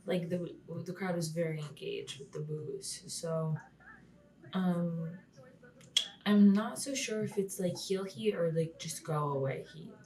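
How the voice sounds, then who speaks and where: A woman's voice: lowish voice, a little slow, warm tone, far from the mic, slight background noise, poor audio. A young woman talking through a casual vlog recap, chatty with lots of "like", often dropping to a whisper and swearing. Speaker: wrestling vlogger.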